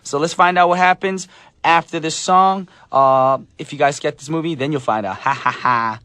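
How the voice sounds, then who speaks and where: Hosting a casual radio show in a studio, a man stays upbeat and jokey, reading out listener messages and chatting with his guest. His voice is on the high side and sharp in tone at normal speed, captured on a studio microphone with no echo.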